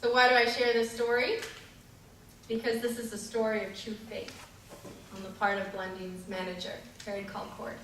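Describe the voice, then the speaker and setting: A woman's voice: fairly high pitch, little pitch movement, moderate pace, fairly bright tone, a little hiss or hum. A woman giving a sermon and telling a story, in an earnest way with some fillers and restarts. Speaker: preacher. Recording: echoey hall, distant mic.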